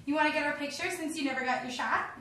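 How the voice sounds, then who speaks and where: Woman doing a ditzy high-voiced wannabe actress, perky and wheedling, super echoey and far off. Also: fast talker, bright, forceful tone. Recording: very echoey room, far from mic, faint noise.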